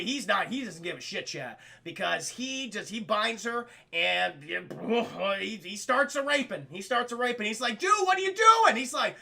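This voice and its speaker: A man streaming a casual spoiler-filled film review to live chat, animated and swearing freely as he acts out scenes. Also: high voice, creaky.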